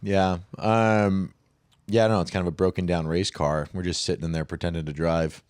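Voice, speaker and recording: A man's voice: deep voice, little pitch movement, a little fast, darkish tone, smooth, dry recording, clean studio sound. A man co-hosting a casual podcast, joking loosely and laughing often. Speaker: podcast co-host. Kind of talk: casual chat.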